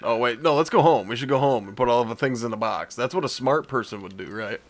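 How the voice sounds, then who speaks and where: Game music runs behind a streamer whose medium-pitched voice moves at a quick pace. He casually narrates his play, rambling, cursing heavily, and tossing off joking asides to himself.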